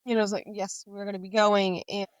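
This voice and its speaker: A woman's voice: mid-range voice, level tone, a little fast, smooth, no echo. A woman co-hosting a casual book podcast, chatting and retelling scenes with quoted lines read aloud. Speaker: podcast co-host.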